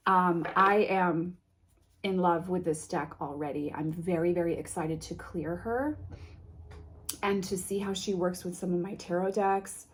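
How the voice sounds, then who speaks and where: A woman vlogging an unboxing of a card deck, reading card names softly and gushing with emotion. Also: on the low side, unhurried. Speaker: tarot vlogger. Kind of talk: casual unboxing vlog.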